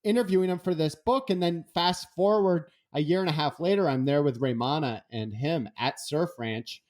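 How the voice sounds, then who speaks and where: Animated storytelling comes from a guest author whose voice is fairly high and whose pace is moderate. During the interview he performs the dialogue in his anecdotes.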